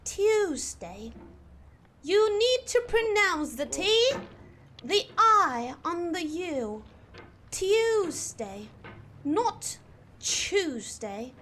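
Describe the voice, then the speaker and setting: A woman's voice: extremely high pitch, big pitch swings, slow pace, pushed and bright, slight background noise. A woman streamer chatting while she plays a game, talking in an affected posh English accent with a prim, fussy manner. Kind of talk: gaming livestream chat.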